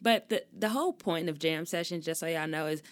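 Low-voiced woman ranting on her podcast. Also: a little fast, no room sound. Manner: expressive, ranting, with frequent cursing. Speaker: podcast host. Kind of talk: casual solo talk.

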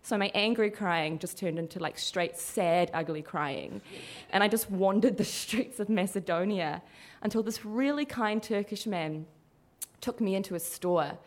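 A young woman tells a story in an animated, expressive way, often laughing as she goes. Her voice sits at a middling pitch for a woman. She talks casually and with plenty of energy. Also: a little slow. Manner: animated, laughing through the telling. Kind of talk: live storytelling.

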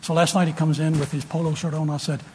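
An older man preaches a sermon to students, telling homespun stories and rising to loud emphasis. His voice sits a little high, and it rings with the long reverb of a big hall under a faint hum of room noise. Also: level tone, fast talker.

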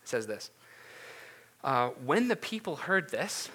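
A man preaching a conversational sermon, animated and informal, with frequent restarts and asides. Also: mid-range voice, unhurried. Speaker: pastor.

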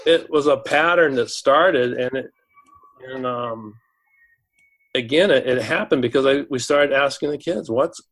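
A man working in school administration, telling a long story in an interview, halting and repeating words as he goes. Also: medium pitch, fairly bright tone.

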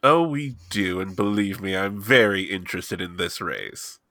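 A man's voice: deep voice, expressive, normal speed, bright, forceful tone, dry recording, clean studio sound, heavily acted. A man voicing a scheming young male protection broker, courteous and overly polite. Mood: smooth.

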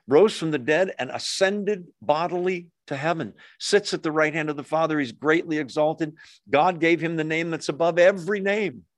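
A man teaching a Bible study in a relaxed, conversational way, with pauses, fillers and quick asides to his group. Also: fairly high pitch, dry recording, studio quality.

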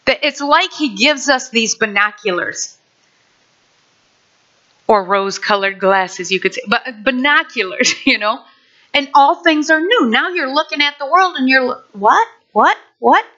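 Woman preacher, lively and demonstrative, bright forward tone, muffled lo-fi recording. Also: high-pitched, measured pace. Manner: animated, acts out little scenes and exclamations. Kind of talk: sermon.

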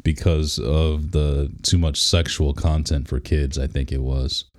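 A man's voice: very deep voice, steady tone, unhurried. A man co-hosting a podcast in casual chat, playful and joking, sometimes breaking into short sung bits. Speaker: podcast co-host.

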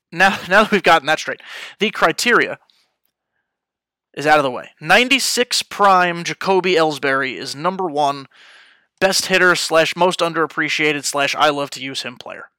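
Casual young male podcast host, off-the-cuff chatter, smooth bright tone, dry close sound. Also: fairly high pitch, lively intonation, moderate pace, dry recording. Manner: chatty, off the cuff, frequent fillers. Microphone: headphones and studio mic.

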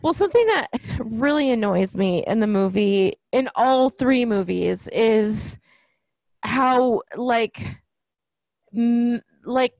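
A woman's voice: fairly high pitch, expressive, slow pace, creaky, a little mellow, no echo, poor audio. A woman in her twenties co-hosting a podcast, rambling in casual chat with many fillers. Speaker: podcast co-host.

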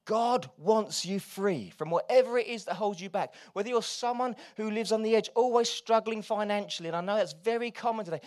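A man preaching a sermon, moving between quiet, confiding asides and loud, urgent exhortation. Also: high voice, a little fast, hardly any pauses. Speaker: pastor.

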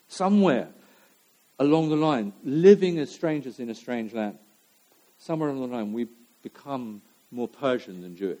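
A man's voice: a little high, animated, moderate pace, darkish tone. A man preaching a sermon to his church, talking in a conversational way with fillers and repeated phrases.

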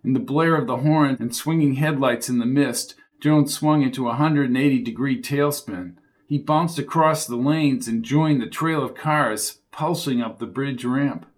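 A man reading a crime thriller audiobook with steady, driving storytelling. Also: mid-range voice, normal speed. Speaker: audiobook narrator. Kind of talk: scripted thriller narration.

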